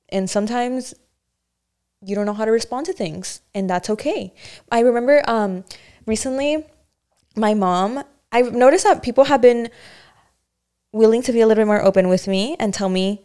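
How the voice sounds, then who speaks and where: A woman's voice: on the high side, a little mellow, clear, resonant tone. A young woman co-hosting a casual podcast chat, talking in a candid, rambling, self-reflective way with many restarts. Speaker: podcast co-host.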